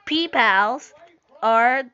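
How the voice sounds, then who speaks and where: High-voiced silly girl at a theme park. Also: animated, drawn-out words, bright, forceful tone, clear, resonant tone. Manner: silly, swears, bickers. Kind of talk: casual vlog chat. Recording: muffled lo-fi phone audio with faint music.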